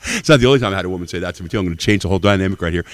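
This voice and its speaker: A man's voice: deep voice, expressive, racing. Brash man over sixty. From Nashville, Tennessee. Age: 60s. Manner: brash, profane storytelling. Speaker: open-mic comedian. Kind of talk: stand-up comedy.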